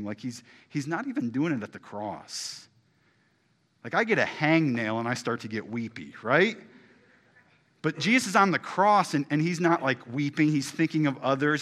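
A man preaching a sermon in a conversational way, full of rhetorical questions and restarts, moving between loud bursts and soft, hushed passages. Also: fairly high pitch. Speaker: pastor.

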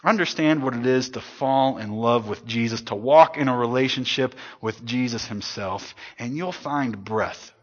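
A man preaching a sermon to his congregation, swinging between loud emphatic lines and hushed, soft ones. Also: medium pitch, normal speed, few pauses. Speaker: pastor. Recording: dull lo-fi sound.

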